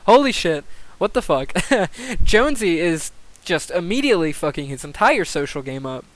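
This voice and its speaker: Excitable young man streaming, high voice. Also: moderate pace, no room sound. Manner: excitable, swears, laughs, thinks aloud. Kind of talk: live-stream commentary on a game simulation.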